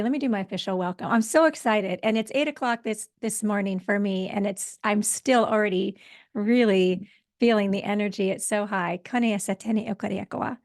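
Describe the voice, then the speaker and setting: A woman hosting an online healing circle over a video call, talking in a casual, effusive way and slipping in chanted spiritual phrases. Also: fairly high pitch. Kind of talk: casual welcoming talk.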